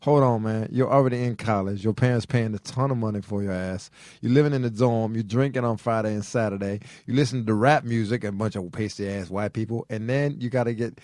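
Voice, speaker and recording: A man's voice: mid-range voice, brisk, a little mellow, dry recording, clean studio sound. A man co-hosting a comedy podcast, riffing in streetwise slang and saying "man" constantly. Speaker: podcast co-host.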